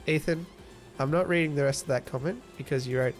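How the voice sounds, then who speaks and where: Faint music sits under this gravelly, medium-pitched voice, which moves a little fast. He's an Australian livestream host in a casual, playful mood, reading out viewer comments, teasing the people who wrote them, and laughing a lot.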